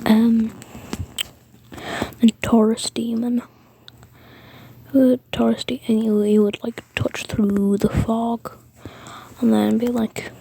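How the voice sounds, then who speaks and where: Slow whispering woman, gravelly and dark. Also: fairly high pitch, level tone, no echo. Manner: whispered, rambling, many fillers and restarts. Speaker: storyteller. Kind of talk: whispered rambling storytelling.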